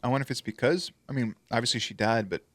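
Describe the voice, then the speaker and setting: A man hosting a casual reaction video, talking in a slangy, profane, animated way. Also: mid-range voice, quick pace, no room sound.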